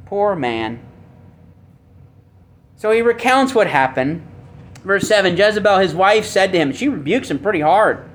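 A man's voice: sits high, sing-song, unhurried, long pauses. Emphatic man preaching a sermon. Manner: emphatic, rhetorical questions, big swings in loudness. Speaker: pastor.

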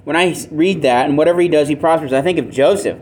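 A man's voice: on the high side, fast talker, a little mellow, a little hiss or hum. A man preaching a sermon in an earnest, plainspoken way, with self-deprecating asides. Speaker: pastor.

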